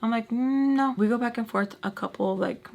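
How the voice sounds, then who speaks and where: A woman's voice: on the high side, moderate pace, gravelly, darkish tone. A young woman telling a story to her camera in a chatty, casual way, acting out the dialogue and saying "like" a lot. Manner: chatty, full of "like" and acted-out quotes. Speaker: storyteller vlogger.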